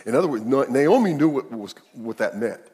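A man's voice: mid-range voice, expressive, brisk, darkish tone, husky. A man preaching a sermon, explaining a scripture passage in a conversational way and putting questions to his listeners. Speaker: pastor. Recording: long reverb of a large hall.

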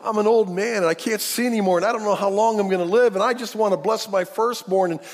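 A man's voice: sits high, fast, pitched above the performer's own voice. A man voicing an old blind father who speaks in a raised, earnest, pleading voice. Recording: long hall reverb.

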